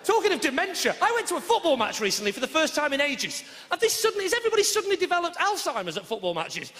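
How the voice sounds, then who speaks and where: Brash sweary comedian on stage. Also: male voice, very high voice, huge pitch swings, very fast. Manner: brash, sweary, shouts punchlines. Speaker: stand-up comedian. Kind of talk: live stand-up routine. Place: large theatre with audience. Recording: reverberant live hall with audience noise.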